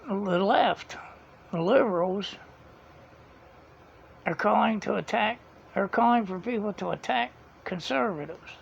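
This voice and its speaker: A man's voice: high voice, unhurried, creaky, long pauses. A man, telling a rambling story in a casual vlog, chuckling often and retelling conversations. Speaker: vlogger. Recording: dull lo-fi sound, faint background hiss.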